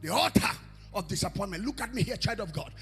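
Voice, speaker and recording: A man preaching a fiery prophetic sermon, his voice pitched very high and gravelly. He swings between hushed teaching and shouted, repeated commands, leading the congregation in call-and-response. Faint music plays behind him. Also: animated, fast. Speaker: guest preacher. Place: church.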